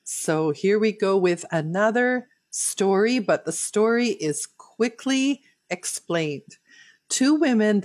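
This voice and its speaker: Woman Bible teacher, unhurried and heartfelt, middle pitch, dry close sound. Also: a little mellow, no room sound. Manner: slow, earnest, personal devotional tone. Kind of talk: Bible reading and commentary.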